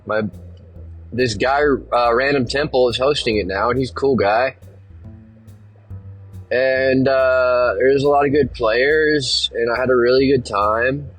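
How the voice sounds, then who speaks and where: Husky man telling a rambling story. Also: medium pitch, measured pace, soft background music, rough recording. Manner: rambling, profane, laid-back storyteller. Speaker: podcast host. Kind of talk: casual storytelling monologue.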